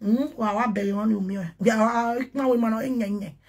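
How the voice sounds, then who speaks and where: Excitable husky Nigerian woman. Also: fairly high pitch, fairly quick. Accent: Nigerian Pidgin English. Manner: excitable, breaks into chanted nonsense syllables and laughter. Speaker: social media personality. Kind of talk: casual livestream rant.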